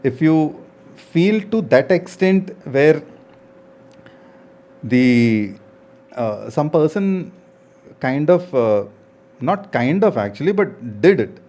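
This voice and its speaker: A man in his forties, a gaming streamer, talking earnestly and reflectively to his viewers, often pausing with hesitations. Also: a little high, very animated, warm tone. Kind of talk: casual talk to viewers.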